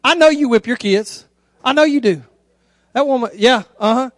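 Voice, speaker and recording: A man preaching a sermon, telling animated stories and calling out directly to the congregation. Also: very high voice, moderate pace, no echo, clean studio sound. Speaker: pastor.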